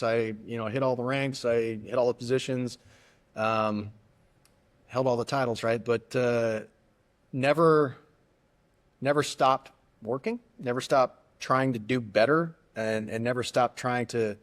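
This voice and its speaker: A middle-aged man, a retired army aviator, talking casually and earnestly in an interview, often restarting his sentences. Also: mid-range voice. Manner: earnest, halting with many restarts. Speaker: guest, retired army aviator turned airline pilot.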